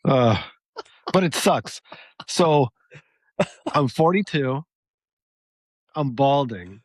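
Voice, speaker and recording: A man's voice: mid-range voice, expressive, drawn-out words, dry recording. Forties male co-host, self-deprecating and neurotic, mid voice, dry close sound. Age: 40s. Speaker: podcast co-host. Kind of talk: casual chat.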